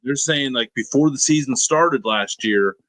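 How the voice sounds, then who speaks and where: A man's voice: mid-range voice, a little slow, fairly bright tone, dry recording. A man co-hosting a casual podcast, teasing his co-hosts and talking over them in playful banter. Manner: teasing, joking, talks over others. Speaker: podcast co-host.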